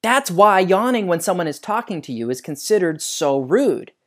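Outdoors by some trees, a male science educator hosts a kids' video lesson at a normal pace, his pitch swinging widely and lively. He stays animated and keeps tossing questions back to the viewer.

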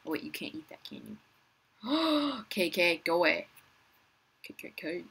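A young woman giving casual gameplay commentary, chatty and talking to viewers and other players, her voice rough as she keeps clearing her throat. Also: lowish voice, very animated, a little slow, a bit bright, poor audio. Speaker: gaming youtuber.

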